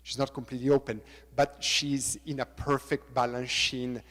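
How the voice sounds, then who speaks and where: A middle-aged man with an Italian accent, a choreographer lecturing on dance technique, halting and repeating words, counting beats aloud. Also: medium pitch, little pitch movement, a bit bright. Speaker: choreographer giving a talk. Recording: reverberant lecture hall.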